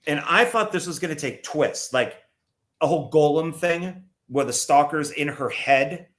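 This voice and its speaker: Higher-voiced man retelling movie plots. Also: lively intonation, moderate pace. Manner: recounts plots at length, stumbling restarts. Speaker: podcast co-host. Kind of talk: casual movie review chat.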